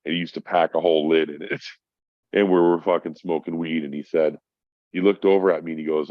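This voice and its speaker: A man's voice: very deep voice, steady tone, brisk, no room sound. A middle-aged man from Minnesota, a podcast guest telling a heartfelt story in casual chat, swearing freely. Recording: dull, dry lo-fi sound.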